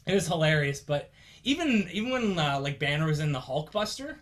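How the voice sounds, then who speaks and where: A man's voice: on the high side, lively intonation, fairly quick, a bit bright. Chatty young man, rambling host. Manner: chatty, rambling with many fillers and laughs. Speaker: podcast host. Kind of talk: casual chat.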